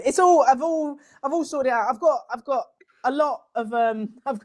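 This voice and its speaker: A woman's voice: sits high, normal speed, darkish tone. Female comic co-host, frank and giggly, rambling casual podcast chat. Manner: blunt, laughing, rambling restarts.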